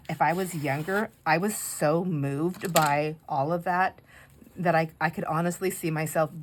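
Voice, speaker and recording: Middle-aged woman, friendly rambling crafter chatting on camera, voice on the low side. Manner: chatty, rambling storytelling with fillers. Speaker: craft vlogger. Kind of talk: casual chat while crafting.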